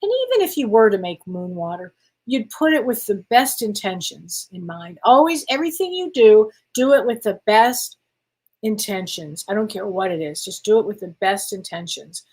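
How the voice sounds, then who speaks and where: A woman's voice: mid-range voice, very animated, normal speed, darkish tone, husky, poor audio. An older woman, a spiritual medium, chatting casually as she reads viewer questions aloud and answers them, laughing often. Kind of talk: live Q&A, reading viewer comments.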